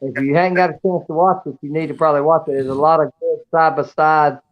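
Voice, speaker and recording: Folksy racer calling in, slightly high voice, muffled dull line. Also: male voice, steady tone, fast, a crowd in the background. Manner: folksy, plain-spoken. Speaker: race winner guest. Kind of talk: casual call-in interview. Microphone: video call. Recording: dull, muffled call audio.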